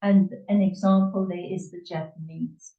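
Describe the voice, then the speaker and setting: A woman tutoring English in a conversation lesson, talking things over unhurriedly with many fillers and pauses. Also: on the low side, fairly even intonation. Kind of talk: conversation lesson, reading from an article. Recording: echoey, distant and muffled.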